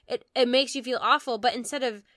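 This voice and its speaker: A woman co-hosting a podcast in a lively, candid way, casually chatting and swearing now and then. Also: on the high side, fairly quick, no room sound, clean studio sound. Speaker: podcast co-host.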